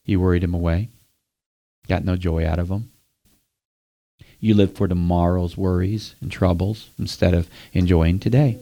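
A man's voice: low-pitched, steady tone, moderate pace, pauses often, warm tone. A man preaching a sermon, speaking straight to his listeners and asking them questions. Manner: direct, asks the listeners questions.

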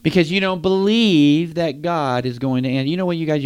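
A man's voice: fairly high pitch, lively intonation, moderate pace, hardly any pauses, darkish tone, clean tone. A man preaching a sermon, speaking straight to his listeners and asking them questions. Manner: direct, asks the listeners questions.

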